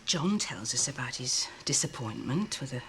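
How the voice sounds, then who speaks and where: An actress playing a tender-hearted older Victorian woman, telling a story in hushed, breathless dialect. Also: very deep voice, big pitch swings, moderate pace, a little hiss or hum, heavily acted. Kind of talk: period TV drama acting.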